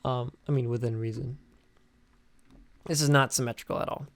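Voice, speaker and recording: A man's voice: medium pitch, fairly even intonation, moderate pace. A young man hosting a casual game-building commentary, tired and sleepy, rambling and chatty with lots of fillers and restarts. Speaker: gaming channel host.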